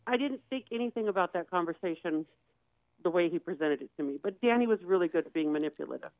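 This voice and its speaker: A woman on a talk show tells her own story quickly and with animation, candidly imitating the voices of people she quotes. Her voice is on the low side, and it comes over thin, tinny, phone-like audio that's dry with no echo.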